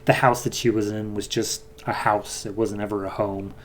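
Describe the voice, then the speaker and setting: A man hosting a podcast, casually retelling a comic's plot with many fillers and quick quoted lines. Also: lowish voice, flat delivery, a little hiss or hum. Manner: loose, filler-heavy retelling, voicing characters lightly. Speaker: podcast host.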